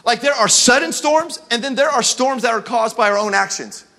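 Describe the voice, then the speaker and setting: A male pastor preaching a sermon to a church service, building to shouts and urging the congregation. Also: very high voice, moderate pace. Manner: preaching with rising shouts and call-and-response urging.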